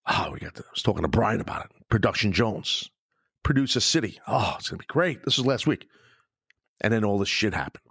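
A man's voice: on the low side, lively intonation, brisk, gravelly, a bit bright, breathy edge, no echo. A man hosting his own podcast alone, ranting sarcastically and swearing often, with no music under his voice. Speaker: podcast host. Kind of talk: solo podcast rant. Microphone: studio microphone, no music bed.

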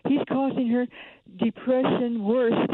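A woman's voice: a little high, fairly even intonation, slow, no echo. An older woman calling in to a radio show, pleading for prayer in a stumbling, repetitive way. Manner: pleading, repetitive, stumbling, calls host hon. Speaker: caller. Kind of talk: phone call to radio show. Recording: phone line.

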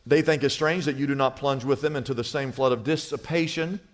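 A man preaching a sermon as pastor, telling stories with big swings between loud and soft. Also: brisk, big-room sound. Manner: animated storytelling with wide swings in pitch and volume.

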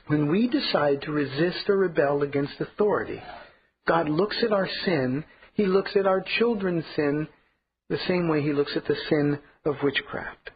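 A man's voice: on the high side, moderate pace, highs cut off, a little hiss or hum. A man preaching a sermon as pastor, earnest and emphatic, repeating key points.

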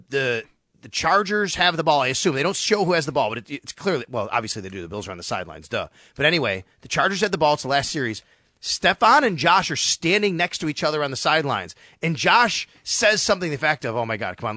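A man talking sports on the radio in an animated, storytelling way, acting out quotes as he goes. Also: a little high, fast talker, dry recording, clean studio sound. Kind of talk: casual sports radio chat.

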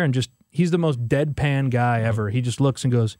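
A man co-hosting a sports call-in radio show, animated and joking about the team. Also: mid-range voice, fairly quick, few pauses, dry recording, studio quality. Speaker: radio co-host.

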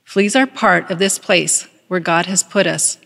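A woman's voice: lowish voice, unhurried, creaky, a bit bright, long reverb tail. A woman voicing a hopeful, devout woman prisoner who speaks eagerly and serenely.

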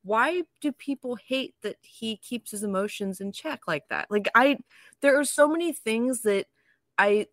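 Woman, podcast co-host, joking, chatty, bright edge to her voice, somewhat high, dry close sound. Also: lively intonation, unhurried, no echo. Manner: chatty, joking, frequent fillers. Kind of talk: casual chat among friends.

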